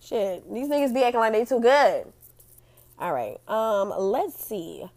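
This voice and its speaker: A woman's voice: a little high, lively intonation, unhurried, background noise. A woman hosting a casual chat and reading out audience comments, blunt and profane, laughing often.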